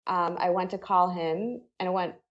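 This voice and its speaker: A woman's voice: on the low side, fairly even intonation, normal speed, muffled recording. A middle-aged woman telling a personal story as an interview guest, talking earnestly and conversationally with lots of "you know" and "like.".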